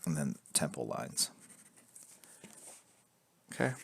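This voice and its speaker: A man with a rumbling low voice, vocal fry, and a breathy edge speaks slowly with big pitch swings during a live drawing stream. At an indoor drawing board he explains construction lines while sketching, jokes, and reads chat aloud, filmed by a camera fixed to the board.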